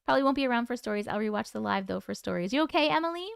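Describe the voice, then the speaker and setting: A woman's voice: on the high side, expressive, racing, gravelly, smooth, dry recording, clean studio sound. A woman hosting a casual livestream, reading out viewer comments and greeting people by name in a chatty, affectionate way. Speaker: livestream host.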